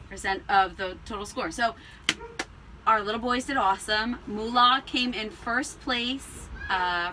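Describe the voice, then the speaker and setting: A woman co-hosting a casual farm podcast, chatty and quick to laugh while telling stories. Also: mid-range voice, noisy background. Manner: chatty, laughs often, storytelling. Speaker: podcast co-host, alpaca farmer. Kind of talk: casual chat.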